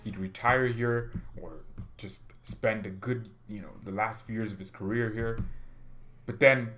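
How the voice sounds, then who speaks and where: A man's voice: on the low side, steady tone, a little slow, fairly bright tone, slight background noise. A man hosting a fan channel, ranting in an exasperated way to his live chat and laughing often. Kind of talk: live-stream rant reading chat.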